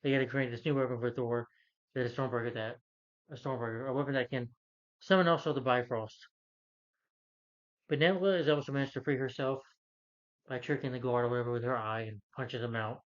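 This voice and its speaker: A man's voice: medium pitch, steady tone, fairly quick, long pauses, lo-fi sound. A man casually recapping a film's plot, rambling with lots of fillers and self-corrections. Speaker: film reviewer.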